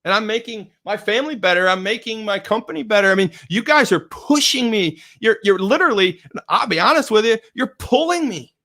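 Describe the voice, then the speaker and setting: Bright high-voiced motivational man. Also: fairly quick, few pauses. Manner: energetic, repetitive pep-talk chants. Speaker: motivational speaker. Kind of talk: motivational video talk.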